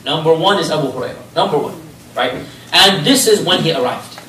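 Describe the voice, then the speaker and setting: A man's voice: a little high, fairly quick, bright, forceful tone, slight background noise. A man teaching religious history as a story, asking rhetorical questions and using Arabic phrases. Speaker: Islamic history lecturer. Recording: roomy, distant mic, faint ambience.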